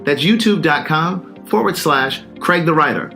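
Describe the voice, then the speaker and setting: Host, man, slightly high pitch, showy delivery, soft music under him. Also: expressive, a little slow, creaky. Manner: showy, preacher-like cadence in intros, loose chatty on live. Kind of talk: scripted promo and casual live stream. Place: friend's house, backyard.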